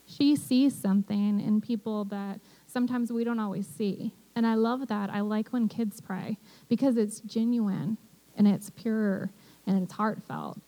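A woman's voice: mid-range voice, fairly even intonation, unhurried, dark tone, poor audio. A woman teaching about prayer in an earnest, conversational way, often checking in with her listeners. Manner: earnest, conversational, peppered with "you know". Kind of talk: casual sermon.

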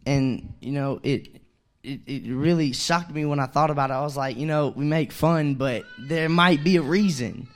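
A young man giving a casual, chatty sermon, full of fillers and restarts, growing louder on key points. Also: fairly high pitch, moderate pace, few pauses, faint music behind. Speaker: young preacher.

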